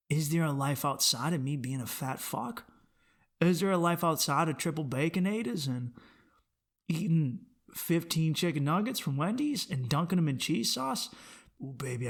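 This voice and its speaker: Gravelly, profane man ranting on a podcast. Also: medium pitch. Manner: profane, rambling, animated outbursts. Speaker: podcast host. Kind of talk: casual solo podcast rant.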